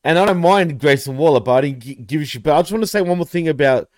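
A man with a slightly high voice co-hosts a casual wrestling chat, joking and teasing his partner. His voice sounds dry and close, with no room around it. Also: expressive, fast talker, darkish tone, no room sound. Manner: joking, teasing, laughs often. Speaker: podcast co-host.

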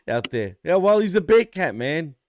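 A man's voice: fairly high pitch, sing-song, slow pace. Wry, teasing wrestling podcast man. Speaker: podcast co-host. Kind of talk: casual wrestling review chat.

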